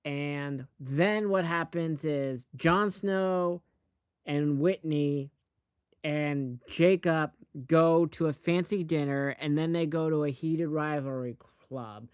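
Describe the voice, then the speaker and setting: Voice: mid-range voice, slow, darkish tone, clean tone, no room sound, studio quality. A host giving a casual, rambling and profane recap of a TV episode, speaking bluntly.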